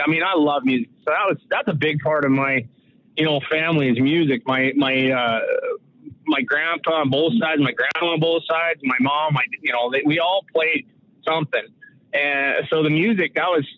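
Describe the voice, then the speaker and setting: A man's voice: fairly high pitch, no echo. A man from Saskatchewan, a guest talking casually over the phone, rambling through stories with frequent laughs. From Canada, Saskatchewan. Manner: relaxed rambling storyteller, laughs often. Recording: phone-like narrow sound.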